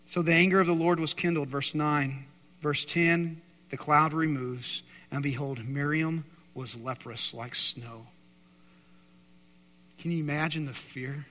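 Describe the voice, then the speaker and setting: A man preaching a sermon in a church, swinging between loud emphatic stretches and hushed quiet passages. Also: on the high side. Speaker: pastor. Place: church sanctuary. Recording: reverberant hall.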